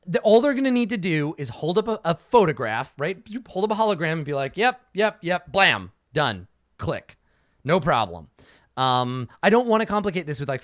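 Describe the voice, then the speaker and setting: A man preps a tabletop session out loud as game master, thinking in loose fragments and swearing freely. His voice sits a bit high and swings widely in pitch. The sound is close and dry. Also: no echo. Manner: thinking aloud, animated, swears freely, acts out quotes. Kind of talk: casual solo campaign prep talk.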